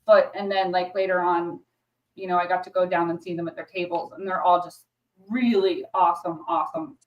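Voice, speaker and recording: A woman's voice: lowish voice, fairly quick, far from the mic, lo-fi sound. Gushing woman, a bit off-mic. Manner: gushing, animated storyteller. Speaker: co-host. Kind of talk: casual chat.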